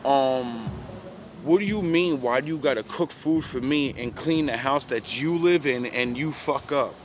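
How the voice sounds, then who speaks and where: A man's voice: mid-range voice, unhurried, slight background noise. A young man bluntly retelling a past relationship in profane street slang, casual storytelling.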